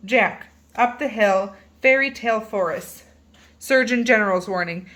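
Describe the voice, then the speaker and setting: A woman reads a children's picture book aloud, playful and animated, stretching words for emphasis. Her voice is medium-pitched and her pace measured.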